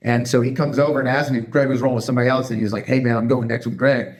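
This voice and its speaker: A middle-aged man, a martial arts instructor co-hosting a podcast, telling stories in a loose, animated way, acting out the quotes and dropping "man" and "dude". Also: mid-range voice, racing, roomy sound. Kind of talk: casual chat.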